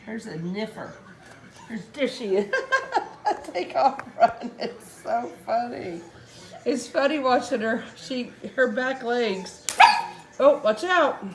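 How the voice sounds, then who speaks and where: Indoors at home among her dogs, a puppy breeder films her litter, cooing, baby-talking, and laughing often in casual home video narration. Her voice is fairly high and slow, and the room sounds echoey.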